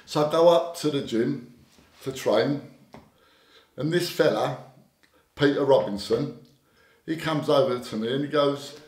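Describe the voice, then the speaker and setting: An older man tells his stories as a podcast guest. He speaks a touch high for a man, often repeating words and slipping into quoted dialogue. The room around him rings with echo. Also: takes it slowly, long pauses, darkish tone. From Britain. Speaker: interview guest, former doorman. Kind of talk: casual storytelling interview. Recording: echoey room.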